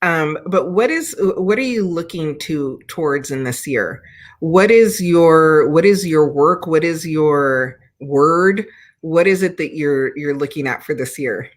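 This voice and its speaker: A woman's voice: deep voice, animated, unhurried. A woman hosting a casual interview, encouraging her guest and using many fillers. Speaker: host.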